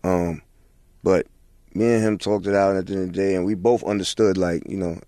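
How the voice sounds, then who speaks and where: Deep-voiced laid-back man, dry sound. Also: fairly even intonation, a little fast, mellow, dry recording. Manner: laid-back, many "you know what I'm saying" fillers. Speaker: guest rapper. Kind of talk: casual interview talk.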